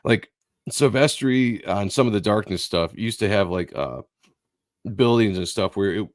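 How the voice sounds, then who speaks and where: A man's voice: on the low side, lively intonation, measured pace, no echo, clean studio sound. A man hosting a live stream, chatting in a laid-back way and tripping over his words now and then. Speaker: host. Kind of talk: casual chat.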